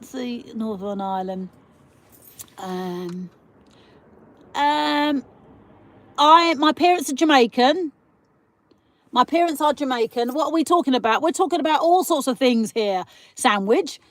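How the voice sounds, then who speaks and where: A woman's voice: high voice, lively intonation, a little slow, long pauses. A British woman hosting a casual live stream, chatting and ranting as she answers viewer comments. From Britain. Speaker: livestream host.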